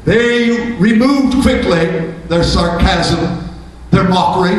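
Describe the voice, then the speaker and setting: High-voiced preacher in an echoey church. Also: male voice, a little slow. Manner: preaching with rising fervor, rhetorical questions. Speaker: pastor. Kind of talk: sermon. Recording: echoey church room, mic from a distance.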